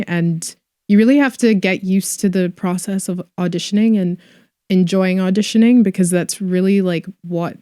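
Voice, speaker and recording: A woman's voice: medium pitch, fairly even intonation, moderate pace, dark tone, smooth, dry recording. A woman actress chats easily in an interview, with plenty of fillers and light laughs. Her voice sits mid-range and sounds close and dry. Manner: chatty, laughing often, many fillers. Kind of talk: casual interview chat.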